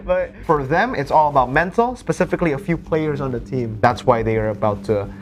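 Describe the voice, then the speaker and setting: A man speaking as an esports analyst on a panel, casual and slangy with quick asides. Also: mid-range voice, animated, music in the background. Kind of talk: panel discussion.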